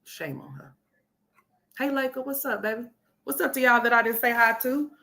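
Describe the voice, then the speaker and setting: A woman's voice: a little high, moderate pace, vocal fry, bright, forceful tone. A woman hosting a gossip commentary livestream, brash and profane, rambling and talking straight to her viewers. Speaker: commentary host.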